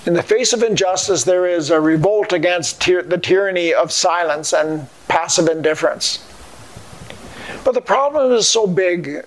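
An older man delivering a scripted devotional message in an earnest, measured way. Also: high-pitched. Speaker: Christian speaker.

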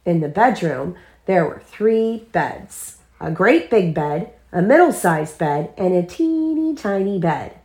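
A young mother reading a picture book aloud to her child at bedtime, with playful, expressive delivery. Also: lowish voice, slow, few pauses. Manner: expressive, playful character voices.

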